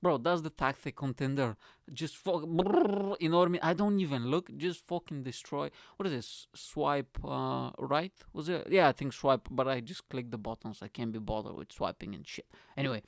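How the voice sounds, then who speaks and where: A man who is a stand-up comedian hosting his own podcast, rambling loudly and swearing constantly as his pitch jumps suddenly. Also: moderate pace, creaky, dry recording, studio quality. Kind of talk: solo comedy podcast monologue.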